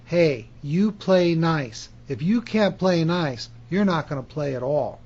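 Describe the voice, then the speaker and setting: A man's voice: on the high side, animated, takes it slowly, a little mellow, dull audio. A man doing a scolding mother. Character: scolding mother of a young girl.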